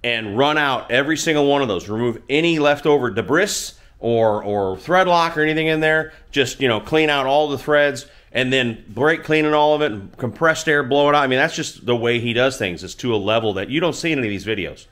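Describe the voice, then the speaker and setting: A middle-aged man speaks at an ordinary mid pitch, chatting casually from his home garage. He tells a long, rambling story and pokes fun at himself as he goes. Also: expressive, a little fast, hardly any pauses, a bit bright. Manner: self-deprecating, rambling. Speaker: motorcycle channel host.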